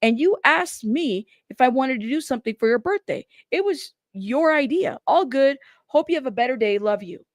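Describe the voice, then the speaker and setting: Higher-voiced woman reading court transcripts. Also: moderate pace, hardly any pauses, dry recording, studio quality. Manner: animated reactions to the text she reads. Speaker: trial news commentator.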